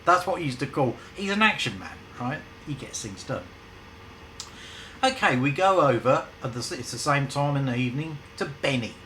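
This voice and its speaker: A man's voice: medium pitch, lively intonation, normal speed, bright, forceful tone, rough recording. A male storyteller with a mid-range voice who reads his story loosely and keeps stepping out of it for chatty asides. There is faint background noise behind him. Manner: chatty, breaks off into asides and laughs. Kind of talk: casual story reading with asides.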